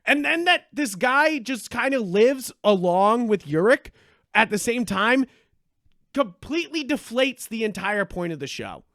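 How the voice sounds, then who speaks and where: A high-voiced man talks in loose, excitable podcast chat, full of swearing and false starts. The sound is dry and close to the mic, with no room around it. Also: measured pace, no room sound. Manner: animated, profane, rambling with many restarts. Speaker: podcast co-host.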